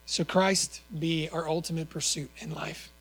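Earnest male preacher, slightly high voice. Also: level tone, a little slow, fairly bright tone, rough recording. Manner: earnest, with rhetorical questions and small self-corrections. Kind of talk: sermon.

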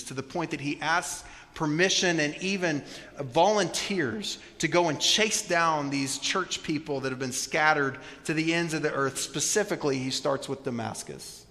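A man in his thirties preaching a sermon in church, telling stories and shifting between hushed, slow passages and loud, emphatic ones. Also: a little high. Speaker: pastor. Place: church sanctuary. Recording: long reverb of a large hall.

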